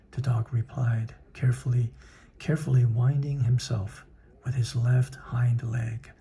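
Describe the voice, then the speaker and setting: A man reading a children's book aloud, pausing to explain and translate it, in a husky, careful manner. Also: mid-range voice, level tone, warm tone. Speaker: reader.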